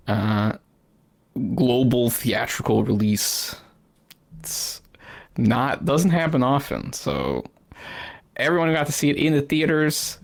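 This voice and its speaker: A man's voice: lowish voice, vocal fry. A man hosting a podcast, chatting casually in a rambling way, laughing often and swearing freely. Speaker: podcast host. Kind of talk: casual chat.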